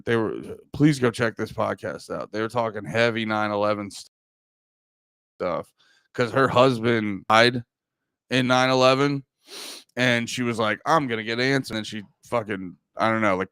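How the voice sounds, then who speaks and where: A man hosting a comedy podcast, rambling crudely and jokingly, sometimes mocking people in a high put-on voice. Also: a bit bright, clean tone, dry recording, clean studio sound. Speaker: podcast host. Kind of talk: casual comedic podcast rant.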